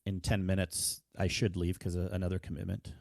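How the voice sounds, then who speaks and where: Male guest, very low voice, calm and patient, never heated; dry close mic. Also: brisk, creaky, no echo. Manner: calm, patient, soft-spoken. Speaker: guest podcaster. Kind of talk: casual gaming podcast chat.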